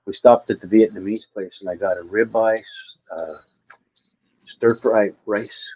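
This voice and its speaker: A man's voice: on the low side, steady tone, unhurried, background noise. A man in casual chat, telling easygoing stories. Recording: dull lo-fi call audio.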